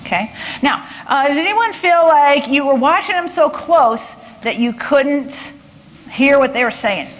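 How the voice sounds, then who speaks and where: A woman from Texas speaks to a conference crowd in a bright, high voice. She is chatty and lively, stopping often to check in with "okay?" and "right?". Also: a little slow, slight background noise. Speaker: body language speaker. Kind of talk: conference talk with audience questions.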